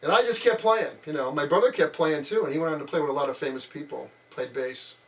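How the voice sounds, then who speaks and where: A man's voice: a little high, fast, fairly bright tone. A man in his sixties telling childhood stories in a casual interview, rambling with lots of fillers. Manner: rambling, many fillers, acts out quotes. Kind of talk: casual storytelling. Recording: voice a bit far from mic.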